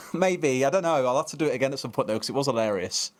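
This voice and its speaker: A man's voice: medium pitch, expressive, fast. A man casting an esports match, jokey and bantering. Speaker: esports caster. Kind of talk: esports pre-match commentary.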